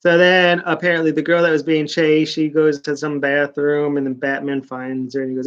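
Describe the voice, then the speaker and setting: A man with a fairly high voice gives a sarcastic, rambling recap of comic stories, cutting in with deadpan jokes. The sound is dull and lo-fi. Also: fairly quick, hardly any pauses. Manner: mocking, rambling, deadpan asides. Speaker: comic book reviewer.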